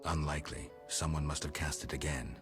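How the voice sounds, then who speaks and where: An actor voicing a gruff male witcher, a monster hunter who speaks in short, clipped lines of video game dialogue. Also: steady tone, fairly quick. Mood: terse. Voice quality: very deep, clipped, terse. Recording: game audio with music beneath.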